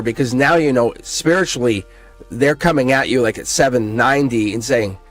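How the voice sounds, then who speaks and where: A man hosting a casual live-stream tarot reading, excitable, laughing often and swearing freely. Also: mid-range voice, normal speed, faint music behind.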